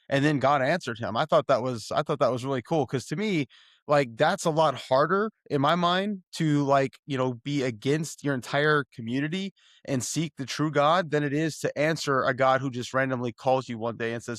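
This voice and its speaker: Co-host, male, mid pitch, inquisitive and direct, dry close mic. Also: moderate pace, fairly bright tone, no echo. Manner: probing, asks pointed clarifying questions. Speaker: podcast co-host. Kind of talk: casual faith discussion.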